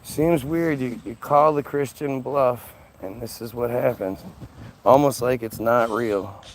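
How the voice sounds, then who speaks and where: A man's voice: medium pitch, steady tone, unhurried, slight background noise, rough recording. A man hosting a livestream, talking casually in a sarcastic, mocking, profane way. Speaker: livestream host reading chat.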